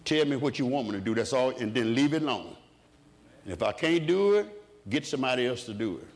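A man's voice: medium pitch, animated, brisk. A man preaching a sermon in a rhythmic way, asking the congregation questions and answering them himself.

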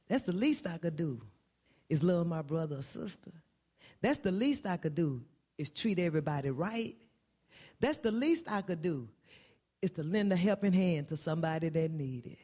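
A woman's voice: on the low side, lively intonation, moderate pace, dark tone. A woman delivering a sermon in church, impassioned and repeating refrains, her voice climbing on key phrases. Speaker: church speaker.

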